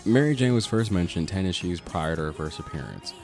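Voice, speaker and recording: A man's voice: low-pitched, expressive, fairly quick, darkish tone, soft background music. A young man hosting a comic book podcast, narrating a video essay in a casual, joking way with some swearing. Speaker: podcast host.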